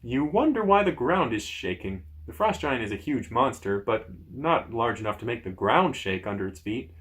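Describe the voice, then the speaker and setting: A man hosting a gamebook playthrough, reading the story aloud in a lively way with casual asides to viewers. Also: medium pitch, moderate pace. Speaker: host.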